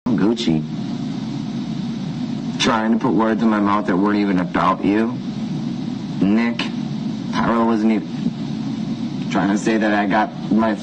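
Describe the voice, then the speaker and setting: A man's voice: lowish voice, steady tone, takes it slowly, pauses often, noisy background. A man in his thirties, a singer, ranting angrily and profanely, saying the same things over and over. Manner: angry, profane, repetitive. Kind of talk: angry rant.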